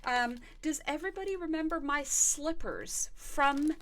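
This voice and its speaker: A woman's voice: high-pitched, unhurried, a bit bright, slight background noise. A woman chatting on a live stream in a bubbly way, thanking viewers as she talks. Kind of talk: casual live-stream chat.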